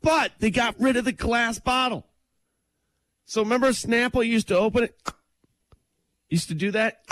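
A man co-hosting a morning radio show, chatting casually and running through sports with excitable enthusiasm in a studio. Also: extremely high pitch, dry recording. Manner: excitable, enthusiastic, quick rants. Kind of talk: casual chat and sports rundown.

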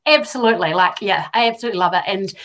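A woman's voice: mid-range voice, very fast, a bit bright. A woman guest, a self-love coach, talking in a chatty casual way full of "like" and "um". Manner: chatty, full of fillers like "like" and "um", laughs easily. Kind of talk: casual chat.

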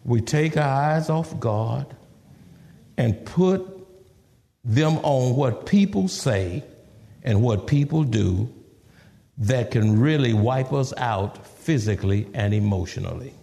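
A male preacher delivering a lively sermon, acting out scripture with laughing asides. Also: medium pitch, slow pace, creaky, long reverb tail. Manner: animated, laughing asides, acts out scripture in a raised voice.

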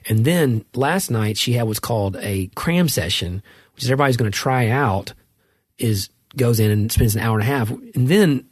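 A middle-aged man with a husky, slightly breathy voice tells a rambling story full of restarts and asides. The sound is close and dry, with no room around it. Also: medium pitch, lively intonation, normal speed, no room sound. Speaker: podcast co-host. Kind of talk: casual chat.

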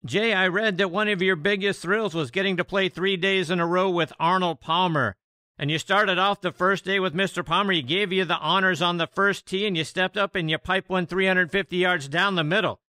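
A male podcast host puts his prepared questions with enthusiasm. His voice is bright and a little high, and the sound is close and dry. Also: steady tone, brisk, clean tone, no echo. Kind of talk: interview questions.

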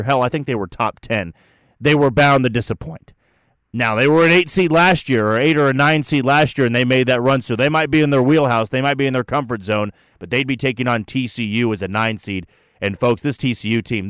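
A man's voice: medium pitch, a bit bright, smooth, no room sound, clean studio sound. A man hosting a solo sports show, breaking down a tournament bracket in an opinionated, chatty way. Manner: opinionated, chatty, restarts and fillers. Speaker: sports podcast host.

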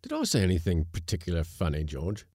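A man voicing a pompous, touchy male schooner skipper in a storybook reading, gruff and stern. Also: deep voice, wildly swooping pitch, fast talker, a little mellow, no echo, clean studio sound, full character voice. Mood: musing.

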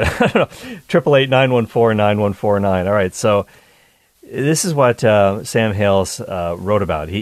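Man, radio host, casual chatty talk, fairly low voice, dry studio mic. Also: no room sound. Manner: chatty, self-interrupting with playful asides.

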